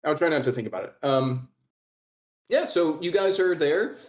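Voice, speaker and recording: A man runs a tabletop game as game master, narrating loosely with fillers, swearing and laughs. His voice is a bit higher than most men's. The room gives it a noticeable echo. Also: lively intonation, normal speed. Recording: echoey room.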